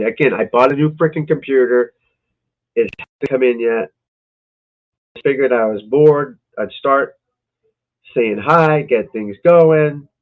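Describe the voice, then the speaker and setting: A man with a gravelly, creaky voice grumbles and swears as he chats casually with his viewers. The audio sounds thin and phone-like, as on a lo-fi livestream. He keeps up a running exasperated mutter. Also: medium pitch. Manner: exasperated muttering and cursing to himself. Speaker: golf instructor and show host. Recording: tinny phone-like lo-fi stream audio.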